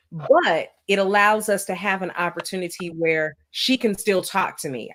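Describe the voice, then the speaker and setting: A woman's voice: lowish voice, fairly bright tone. A middle-aged woman hosting a casual family livestream, talking with her kids in a teasing, motherly way. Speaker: host.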